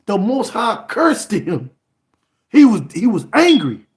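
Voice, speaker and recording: High-voiced preacher man, slow and emphatic, repeats himself, yells now and then. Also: wildly swooping pitch. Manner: emphatic, repeats words, bursts into shouts. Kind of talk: fiery sermon.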